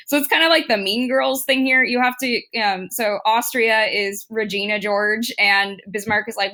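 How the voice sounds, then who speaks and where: A young adult woman teaching a casual history lecture, chatty and acting out historical figures in quick quoted asides. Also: a little high, animated, bright, forceful tone.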